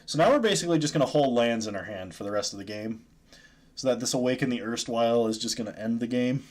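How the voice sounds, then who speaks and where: A man's voice: medium pitch, quick pace. A man streaming a card game, giving casual, joking commentary and chuckling often.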